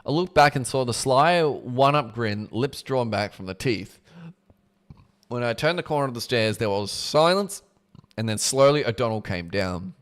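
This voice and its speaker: A man's voice: mid-range voice, expressive, normal speed. A man reading a book aloud on a livestream, breaking off for casual asides that include swearing. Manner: casual asides with swearing between read passages.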